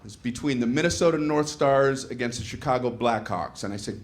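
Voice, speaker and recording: A middle-aged man performing a stand-up routine, telling a story in an animated way and acting out voices and exasperated asides. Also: medium pitch, fairly quick, hardly any pauses. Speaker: stand-up comedian. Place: comedy stage with audience laughter. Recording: live show with faint room noise.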